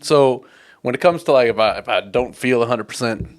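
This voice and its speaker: Podcast dude, mid-pitch voice, cocky and jokey, likes to tease. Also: male voice, fairly quick. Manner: joking, cocky, teasing. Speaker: podcast co-host. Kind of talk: casual chat.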